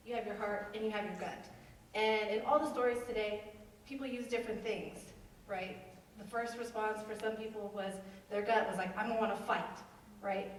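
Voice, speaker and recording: A woman's voice: fairly high pitch, slight background noise. A woman presenting casually on stage, loose and chatty. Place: stage in a hall before an audience. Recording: very echoey hall, mic far off.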